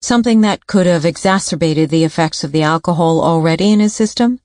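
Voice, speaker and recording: A determined woman investigator from an audiobook thriller, read by a woman narrator, urgent and firm as she presses her point. The voice is low and the sound dry and close. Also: a little fast, darkish tone, no room sound, close to an everyday voice. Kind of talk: audiobook character voice.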